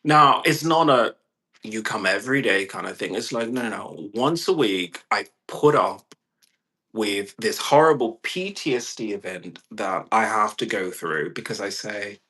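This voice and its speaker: A man's voice: lowish voice, unhurried, pushed and bright. A man vlogging an emphatic, profane rant, repeating himself and swearing often. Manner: emphatic, repetitive, heavy swearing. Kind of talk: profane ranting monologue.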